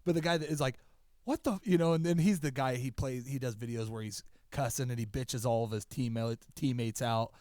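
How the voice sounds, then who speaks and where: A man's voice: mid-range voice, fairly even intonation, brisk, few pauses, a little mellow, dry recording, clean studio sound. A man co-hosting a podcast in casual chat, telling stories in a rambling, stop-start way. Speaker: podcast co-host.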